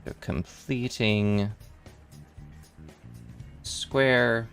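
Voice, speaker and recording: A young man on a casual study livestream, working through math problems out loud, rambling and correcting himself as he talks to chat. His voice is still a little rough from the morning. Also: mid-range voice, steady tone, drawn-out words, faint music behind. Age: young adult. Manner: rambling, self-correcting, chatty with chat readers. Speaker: vtuber math streamer.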